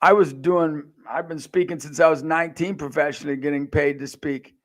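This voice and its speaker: An American man in his forties giving an impassioned faith testimony, swinging from quiet asides to loud acted-out quotes. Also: a little high, fairly even intonation, a little fast. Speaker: speaker. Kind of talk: personal testimony talk.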